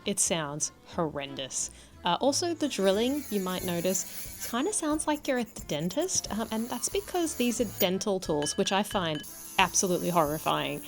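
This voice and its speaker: An Australian woman chatting casually to camera in a vlog from her home jewellery studio, rambling and self-deprecating. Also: medium pitch. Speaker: jewellery maker and vlogger.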